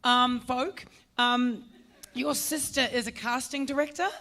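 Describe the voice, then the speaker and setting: A woman on a convention panel, talking loudly and swearing casually. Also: high voice, steady tone, a little slow. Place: convention hall with audience.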